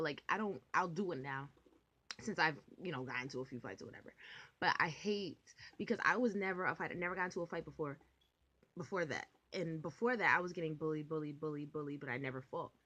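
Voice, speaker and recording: A young adult woman telling a personal story to camera in a rambling, animated way, full of filler words and the odd swear word. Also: deep voice, fast talker, lo-fi sound. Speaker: vlogger. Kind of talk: casual storytime monologue.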